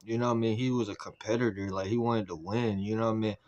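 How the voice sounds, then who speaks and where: A man's voice: lowish voice, fast talker, highs cut off. A man hosting a reaction video, talking in loose, profane slang and getting worked up as he reacts. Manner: loose, profane, excitable slang-heavy talk. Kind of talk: casual reaction commentary.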